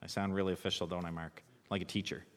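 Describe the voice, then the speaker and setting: A man preaching a sermon as pastor, relaxed and conversational, joking with the congregation. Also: low-pitched, quick pace, in a large hall.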